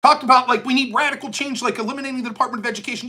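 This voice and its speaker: A man's voice: extremely high pitch, fairly even intonation, very fast, hardly any pauses, bright, forceful tone. A man hosting a political commentary live stream, reading viewer donations and mocking opponents sarcastically. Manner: sarcastic, mocking, mimics opponents in put-on voices. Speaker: political commentary show host.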